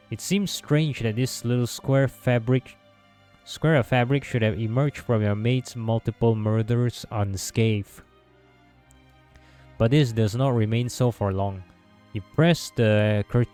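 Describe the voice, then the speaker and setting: A man reading visual novel narration aloud in steady second person, with small stumbles. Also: lowish voice. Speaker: gameplay narrator.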